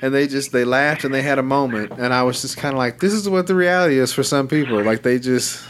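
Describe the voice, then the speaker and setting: A man talking casually on a podcast, rambling through a story with plenty of swearing. His voice sits at an ordinary pitch, with a faint hiss of noise under it. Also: quick pace. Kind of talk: casual chat.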